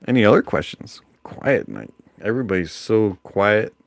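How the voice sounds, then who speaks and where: A man hosting a livestream in a relaxed, rambling manner, pausing often on fillers. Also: on the low side, creaky, no room sound. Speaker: livestream host. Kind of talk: casual livestream chat.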